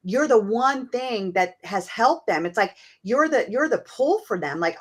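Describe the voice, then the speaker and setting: A woman's voice: on the high side, expressive, unhurried, slightly rough. Earnest woman hosting a chat. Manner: earnest, talks things through with fillers like "you know" and "like". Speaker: host. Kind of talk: casual conversation.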